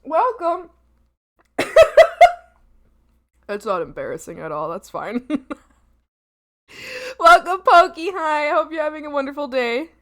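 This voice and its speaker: A woman's voice: high-pitched, sing-song, measured pace, long pauses, sharp tone. A young woman streamer chatting casually, giggling often and swearing freely while she eats. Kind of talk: casual livestream chat.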